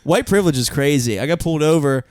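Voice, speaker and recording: A man's voice: a little high, animated, quick pace, no room sound, studio quality. A young American man co-hosting a podcast, joking and swearing in casual chat. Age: 20s. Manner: joking, profane, trades silly put-on voices. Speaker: podcast co-host.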